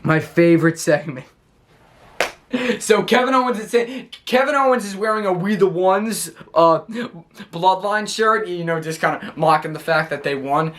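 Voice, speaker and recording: A man's voice: high-pitched, normal speed, a bit bright. A man from the United States casually recapping a wrestling show, rambling and stammering with frequent laughs.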